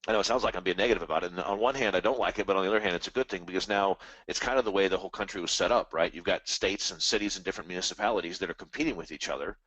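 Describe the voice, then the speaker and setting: Casual live-stream host, male, low voice, rambling and animated, dry close mic. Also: very fast, few pauses, no room sound. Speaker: trading webinar host.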